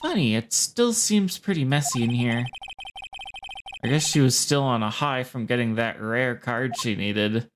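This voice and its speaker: A woman's voice: rumbling low, expressive, unhurried, background noise. A woman reading a polite young male lawyer. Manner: polite, questioning. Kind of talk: game dialogue read aloud. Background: game music.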